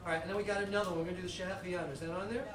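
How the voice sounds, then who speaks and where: A man's voice: high voice, fairly even intonation, racing. A man leading a shofar service as cantor, chatty and joking as he conducts the congregation. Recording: echoey hall, far from the mic, noisy.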